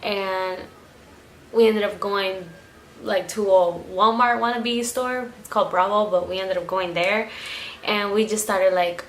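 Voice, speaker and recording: A woman's voice: mid-range voice, a little slow. A young woman vlogger casually recounting a story, swearing freely and acting out quotes, recorded on a camera mic at home. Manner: swears freely, animated retelling with acted quotes. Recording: echoey room, faint background noise.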